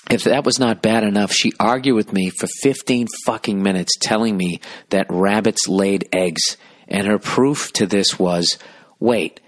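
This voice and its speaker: A man with a very low voice rambles through a comic podcast monologue. He keeps his voice down to a near whisper and swears freely as he riffs. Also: steady tone, moderate pace. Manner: profane, hushed half-whisper. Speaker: podcast host.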